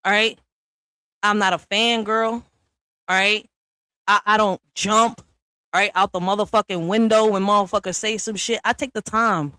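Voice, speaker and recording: A woman's voice: mid-range voice, fairly even intonation, moderate pace, sharp tone, clear, resonant tone, dry recording. A woman hosting a livestream, delivering a blunt, profane, confrontational rant to her viewers. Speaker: livestream host. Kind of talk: ranting monologue to viewers.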